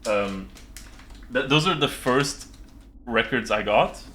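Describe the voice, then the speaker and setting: A young man from Sweden chats on a home stream, rambling and giggling nervously as he goes. His voice has a bright, sharp edge at an average pitch, picked up by a desk mic. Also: slow, husky.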